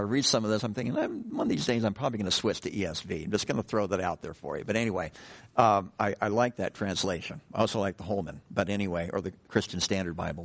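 A man preaching a sermon in a conversational way, with joking asides and stressed key words. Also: mid-range voice.

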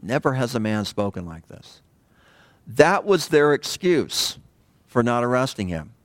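A man preaching a sermon in a conversational way, pausing often and asking the congregation rhetorical questions. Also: mid-range voice, dry recording. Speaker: pastor.

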